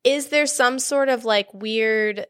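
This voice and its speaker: Podcast co-host, woman, gossipy and self-mocking, a touch high-pitched. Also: slow, fairly bright tone, slight background noise. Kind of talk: casual chat about a movie.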